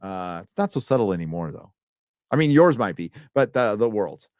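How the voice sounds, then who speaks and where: A man's voice: fairly low pitch, sing-song, a little fast, a little mellow, no room sound, clean studio sound. Chatty swearing male stream host. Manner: loose and chatty, swears freely, often stumbles over words. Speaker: host reading donations. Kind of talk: casual live-stream chat.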